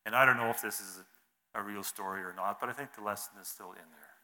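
A man giving a sermon in an earnest, measured way, reading scripture and telling an illustration, his phrases trailing off softly. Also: fairly low pitch. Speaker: preacher.

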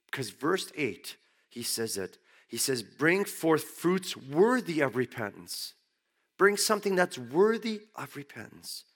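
A man giving a sermon who reads Bible verses aloud and then explains them in plain, everyday words, rising sharply in pitch to stress key points. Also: a bit bright. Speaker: preacher. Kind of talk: sermon reading and explaining scripture.

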